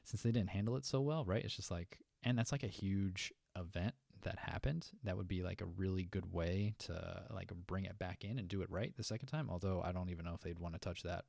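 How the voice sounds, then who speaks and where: Male fan-news host, low gravelly voice, dry close mic, loose chatty delivery. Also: a little fast, few pauses, darkish tone, no echo. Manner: chatty, loose, many fillers and asides. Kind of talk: casual commentary reading chat.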